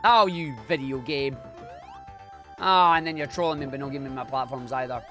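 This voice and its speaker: A man's voice: medium pitch, a little fast, bright, forceful tone. Scottish male streamer, rambling and slangy, talks over faint game music. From Scotland. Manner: chatty and slangy, rambling asides. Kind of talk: casual live-stream chat while speedrunning.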